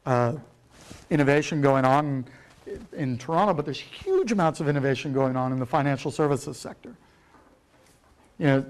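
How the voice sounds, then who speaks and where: Rambling man giving a keynote. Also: a little high. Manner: rambling, profane, lots of fillers. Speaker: keynote speaker. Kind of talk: rambling conference talk.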